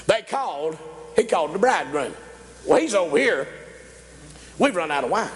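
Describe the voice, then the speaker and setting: High-voiced folksy preacher man. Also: big pitch swings, moderate pace. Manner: folksy, exclaiming, laughs often. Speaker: pastor. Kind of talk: sermon.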